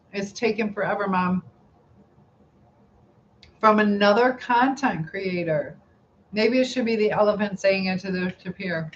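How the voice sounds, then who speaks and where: A middle-aged woman hosting a casual live stream, chatting and giggling as she reads out viewer comments. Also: mid-range voice. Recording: slightly dull lo-fi sound with faint background noise.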